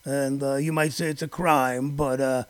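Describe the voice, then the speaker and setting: A man's voice: medium pitch, flat delivery, moderate pace, smooth, pitched below the performer's own voice, natural voice. A man voicing a hesitant, evasive older politician who mumbles through fillers. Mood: sly.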